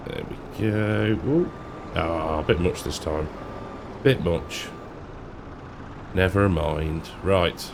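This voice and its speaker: A man's voice: fairly low pitch, creaky, a little hiss or hum. A middle-aged man rambling through casual gameplay commentary, with lots of ums and restarts. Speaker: gaming YouTuber.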